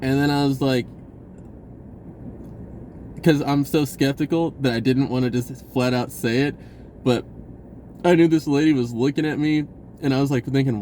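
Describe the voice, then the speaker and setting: A man recounts a personal experience in a loose, rambling way, breaking into laughter and acting out voices as he goes. His voice sits at an ordinary middle pitch. A faint hum of background noise runs underneath. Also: normal speed, pauses often. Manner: rambling, animated, laughs often; acts out voices in his retelling. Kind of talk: casual storytelling to camera.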